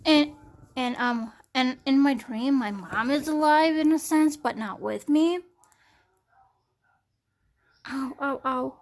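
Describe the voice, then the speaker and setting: Rambling young woman vlogging on a phone. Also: sits high. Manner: rambling, halting, many fillers and restarts. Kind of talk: casual personal vlog. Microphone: smartphone.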